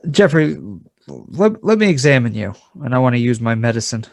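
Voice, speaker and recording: A man's voice: mid-range voice, very animated, moderate pace, creaky, no echo, clean studio sound. A man playing a tabletop game, casual and joking, with hesitant stops. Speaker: player.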